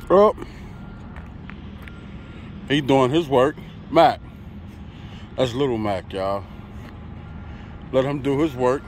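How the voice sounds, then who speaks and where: A man's voice: mid-range voice, a little hiss or hum. A man, a truck driver vlogging casually outdoors, laid-back and chatty as he talks straight to his viewers. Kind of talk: casual vlog talk to camera. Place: outdoors by a truck at a loading site.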